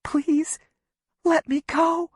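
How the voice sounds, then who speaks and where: A woman's voice: on the high side, lively intonation, a little slow, no echo, studio quality. A woman voicing a terrified young mother held captive, pleading tearfully and breathlessly. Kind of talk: audiobook narration.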